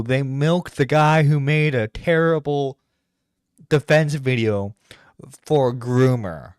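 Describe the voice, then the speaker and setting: A man's voice: medium pitch, takes it slowly, darkish tone, smooth, dry recording. Exasperated man swearing on a dry close mic. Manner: profane, exasperated, stammering. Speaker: streamer reacting to a video. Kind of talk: reaction commentary. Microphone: close streaming mic.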